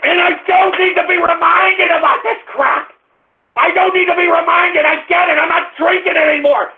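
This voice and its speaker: Angry cursing male radio host, very high gravelly voice, tinny phone-like sound. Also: fairly even intonation, normal speed. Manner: angry, exasperated, cursing, shouting at listeners. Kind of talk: ranting at a live chat room.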